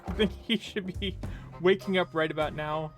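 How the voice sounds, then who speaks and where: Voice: mid-range voice, normal speed, natural voice. A streamer voicing a dry, teasing tavern innkeeper woman in a put-on Scottish accent, with faint music behind.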